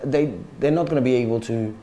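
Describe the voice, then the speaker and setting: A man's voice: medium pitch, fairly quick, warm tone. A man from France on a live football watch-along panel, casual and given to short cheering outbursts.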